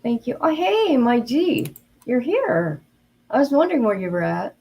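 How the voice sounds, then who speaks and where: Older woman, gravelly, casual livestream chat, earnest, addresses viewers directly. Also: on the high side, sing-song, normal speed, highs cut off. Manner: chatty, talks straight to her viewers; earnest and openly emotional. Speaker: livestream host.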